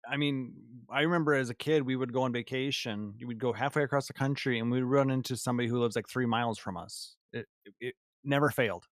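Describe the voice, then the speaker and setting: A man's voice: mid-range voice, quick pace, dry recording, clean studio sound. A man visiting as a guest on a gaming podcast, speaking in a friendly, earnest way. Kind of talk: casual chat.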